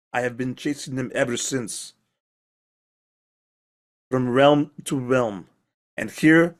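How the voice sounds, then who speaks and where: Boastful action-hero vampire hunter, mock German accent, slow and stilted, voiced by a man. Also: medium pitch, natural voice.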